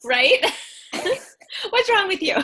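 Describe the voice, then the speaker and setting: Bright-voiced woman host, quick affirmations. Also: very high voice, big pitch swings. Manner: supportive, frequent short affirmations. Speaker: podcast host. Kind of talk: casual interview conversation.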